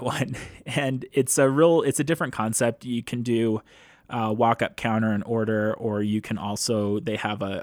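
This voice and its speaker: A man's voice: medium pitch, a little mellow, dry recording. Chatty enthusiastic male podcast host. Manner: enthusiastic, chatty, laughs often. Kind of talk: casual podcast monologue.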